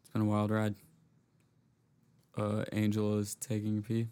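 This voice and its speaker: A young male podcast host speaks at a normal pace in a fairly low, monotone, mellow and smooth voice. In a casual chat he tells slangy, profane stories, performing the lines of the people he describes.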